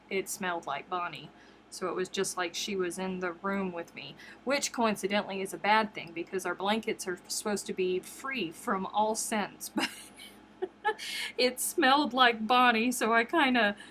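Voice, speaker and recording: A woman's voice: lowish voice, a bit bright, slight background noise. A woman chatting casually as she hosts a crochet livestream, talking to her viewers in a loose, rambling way, often doubling back on her words and breaking into laughter. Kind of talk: casual live-stream chat.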